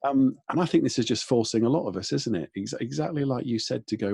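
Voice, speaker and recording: Male interview host, low husky voice, dry close sound, meandering lead-ins to questions. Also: expressive, quick pace, hardly any pauses, warm tone, no echo. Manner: rambling, thinks aloud before landing on a question. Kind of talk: conversational interview.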